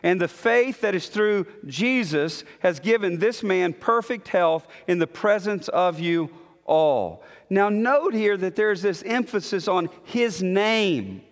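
Emphatic high-voiced male preacher. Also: lively intonation, slow pace. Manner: emphatic, repetitive declarations, swings from loud to hushed. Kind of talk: sermon. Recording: long hall reverb.

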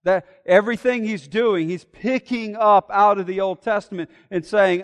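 A man preaching a sermon, building from quiet explanation into loud, emphatic, impassioned declarations. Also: sits high, fairly even intonation, moderate pace, few pauses, in a large hall.

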